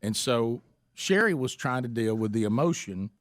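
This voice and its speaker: A man's voice: medium pitch, animated, normal speed, dry recording, studio quality. Rambling middle-aged man telling a story. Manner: rambling storyteller, teasing, many restarts. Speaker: radio show co-host. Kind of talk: casual chat.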